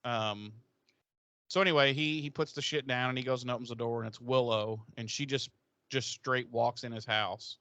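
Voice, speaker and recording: A man co-hosting a podcast, casually recapping an episode with crude jokes and quick impressions of the characters. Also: medium pitch, fairly even intonation, sharp tone, no room sound. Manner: profane, joking, acts out characters' lines. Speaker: podcast co-host.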